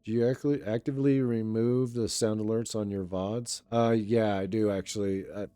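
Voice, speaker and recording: A young male streamer with a low, warm voice that sounds a little raw today. He rambles easily to his chat from a home setup, and the sound is dry and close. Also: moderate pace, smooth, no echo. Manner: relaxed, rambling, chatting with viewers. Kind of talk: casual live-stream chat.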